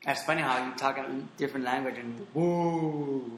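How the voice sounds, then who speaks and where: A man's voice: medium pitch, moderate pace, a bit bright, slight background noise. A man co-hosting a casual podcast, asking hesitant questions and giving short agreeing replies. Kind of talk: casual conversational podcast talk. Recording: echoey room.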